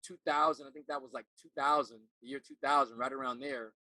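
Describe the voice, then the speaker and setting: Earnest man with a bright, forceful voice. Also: mid-range voice, steady tone, no echo. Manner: earnest, halting, repeats words while recalling. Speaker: actor and life coach guest. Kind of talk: reflective personal storytelling.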